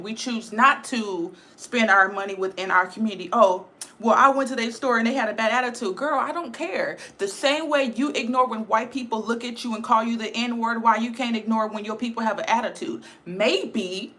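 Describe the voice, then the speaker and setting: A woman's voice: fairly high pitch, a bit bright. A woman giving a blunt, emphatic casual livestream rant, repeating her points. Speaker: live streamer.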